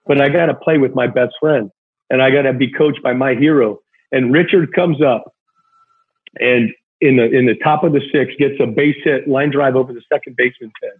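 Husky man telling a story over a phone line. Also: mid-range voice, moderate pace. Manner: emotional, rambling storyteller with many fillers. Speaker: guest, former big-league pitcher. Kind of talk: casual storytelling chat. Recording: tinny phone-line sound.

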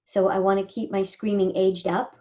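A woman voice actor from Southern California talking casually in an interview, animated and quick to mimic people. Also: medium pitch, highs cut off. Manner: animated, slips into lively mimicry of others. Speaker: voice actor guest.

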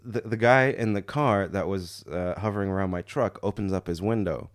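Low-voiced man telling a story. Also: brisk, dry recording, clean studio sound. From Morocco. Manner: laughs often, animated when quoting people. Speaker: podcast host telling a story. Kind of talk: casual storytelling.

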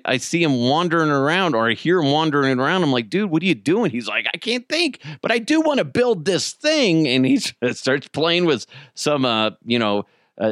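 A man in his thirties hosts a podcast and tells stories in a loose, chatty way, cursing freely. His voice sits in a middle pitch. The recording is close and dry, with no room sound. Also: fairly bright tone, no room sound. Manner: casual, profane storytelling. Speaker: podcast host. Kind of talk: casual podcast monologue.

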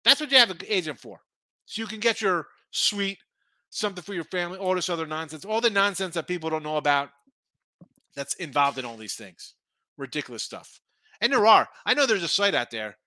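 High, bright-voiced betting show host. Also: male voice, animated, fairly quick, no room sound. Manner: rambling, opinionated, with frequent restarts. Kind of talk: casual sports betting talk.

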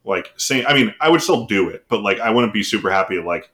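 A man's voice: fairly low pitch, lively intonation, a little fast, fairly bright tone. A young man co-hosting a casual sports podcast, talking hesitantly with many fillers and restarts. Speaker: podcast co-host. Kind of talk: casual chat.

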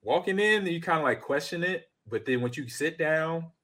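A man in his forties co-hosting a casual podcast chat, reading out chat comments and acting out stories loudly. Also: on the high side, normal speed. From California. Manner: animated storyteller, acts out scenes loudly. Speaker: podcast co-host.

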